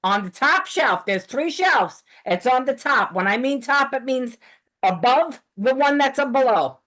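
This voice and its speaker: A woman hosting a podcast, ranting in a heated, profane, animated way in casual chat. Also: high-pitched, unhurried. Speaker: podcast host.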